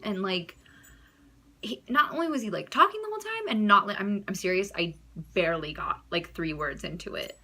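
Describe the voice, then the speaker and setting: A woman's voice: fairly low pitch, moderate pace, sharp tone. A young American woman telling her own stories to the camera in a casual, chatty way, giggling, trailing off and restarting her sentences. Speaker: vlogger.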